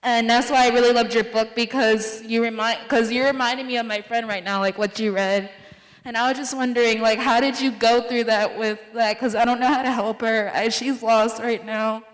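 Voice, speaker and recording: A woman in an audience, teary and close to crying, asking a question in a halting, apologetic way. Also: a little high, fairly even intonation. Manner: halting, apologetic, many fillers. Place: large hall. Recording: long hall reverb.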